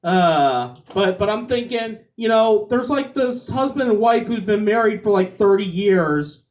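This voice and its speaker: A male stand-up comedian on a club stage, delivering jokes haltingly with many repeated ums and restarts. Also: high voice, expressive, far from the mic.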